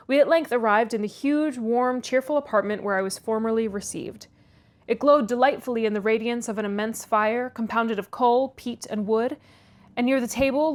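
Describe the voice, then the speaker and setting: A woman reading a classic novel aloud, pausing for chatty asides and laughing at her own stumbles. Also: fairly high pitch. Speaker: audiobook reader, read-aloud host.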